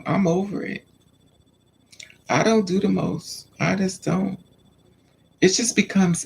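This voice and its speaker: Man, candid vlog storytelling, gravelly voice, fairly high pitch. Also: slight background noise. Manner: frank, confiding, acts out quoted exchanges. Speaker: vlogger.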